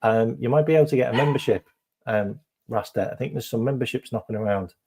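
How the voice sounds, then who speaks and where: A man's voice: medium pitch, quick pace, a little mellow. A man hosting a casual live stream, chatting to viewers with lots of ums and repeated phrases.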